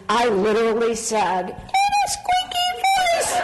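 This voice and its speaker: A middle-aged woman telling a self-mocking story on a panel, animated and laughing through it. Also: a little high, moderate pace. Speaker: panel speaker. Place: large conference hall. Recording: hall reverb, faint background noise.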